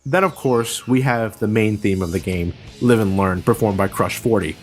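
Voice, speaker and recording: A man doing a comedic, scripted video game review voice-over, ranting with plenty of swearing and breaking into sudden exasperated shouts. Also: lowish voice, moderate pace, soft background music.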